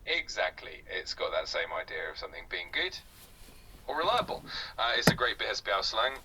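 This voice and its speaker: A man's voice: fairly low pitch, big pitch swings, normal speed, sharp tone, distant mic, a little hiss or hum, low-quality recording. A synthetic male conversation partner tutoring a learner in a polite, encouraging way, scattered with "uh" fillers. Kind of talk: patient tutoring chat.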